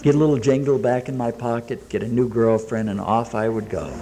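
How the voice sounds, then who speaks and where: A man's voice: medium pitch, fairly quick, heavy background noise. Man telling his recovery story. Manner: plain storytelling full of quoted back-and-forth dialogue, dry jokes. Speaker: speaker sharing at a recovery meeting. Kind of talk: personal recovery story told to a live audience. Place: meeting room with a live audience.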